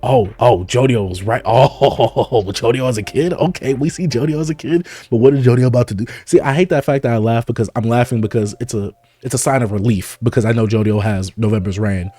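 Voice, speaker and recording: A man reading manga aloud and reacting live, in excitable, casual, slang-heavy commentary. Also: medium pitch, a little fast, hardly any pauses.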